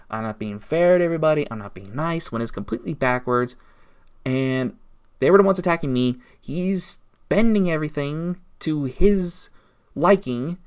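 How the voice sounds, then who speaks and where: A man telling a grievance story in a casual vlog, rambling and restarting his sentences as he goes. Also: fairly high pitch. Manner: aggrieved, rambling retelling with many restarts. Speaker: YouTuber.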